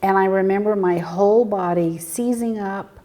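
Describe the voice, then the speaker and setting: A woman guest telling personal stories in an interview, earnest and reflective, halting with fillers and sometimes sinking to a near whisper. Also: medium pitch, mellow. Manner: halting, with frequent fillers and restarts. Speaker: guest, spiritual medium.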